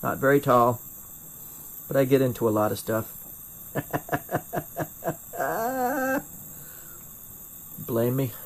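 At his home torch bench, a middle-aged North Carolina man with a mid-range voice narrates a live glassblowing demo animatedly, drawing out words and leaving long pauses. He wanders off topic, restarts himself and jokes at his own expense while responding to viewers. His first-person camera mic catches slight background noise.

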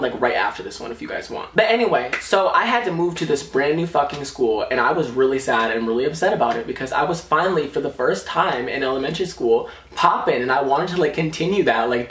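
A man's voice: medium pitch, a bit bright. A young man telling a storytime vlog in a sassy, dramatic way, swearing a lot. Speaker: vlogger. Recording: roomy sound, mic at a distance.

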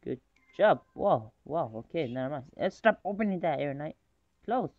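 A man casually commentating his own game match, rambling between calls and excitable in fights. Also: a little high, moderate pace, dry recording. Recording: dull lo-fi recording.

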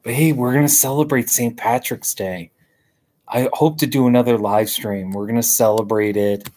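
A man live-streaming from a hammock outdoors, chatting casually and rambling with a relaxed, drawn-out manner. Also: mid-range voice.

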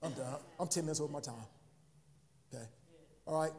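A man's voice: on the high side, fairly even intonation, a little fast, darkish tone. A man preaching a sermon as pastor, stammering through restarts and asking the congregation "huh?" between points. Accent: American. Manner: repeats words, asks "huh?" to the congregation.

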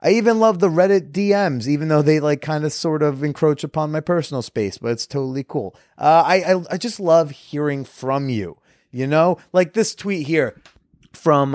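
A young man hosting a podcast in casual chat, excitable and swearing freely, with frequent restarts. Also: fairly high pitch, no echo, studio quality. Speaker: podcast host.

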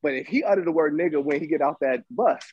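A man co-hosting a casual debate chat, telling animated stories and acting out what others said. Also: on the high side, quick pace, slightly rough, lo-fi sound. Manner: animated storytelling, acts out quoted voices. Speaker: podcast co-host.

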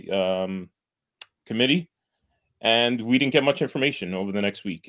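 A man with a New York accent, a supporters club organizer talking through events as a podcast guest, detailed and methodical. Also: on the low side. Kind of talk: casual podcast chat.

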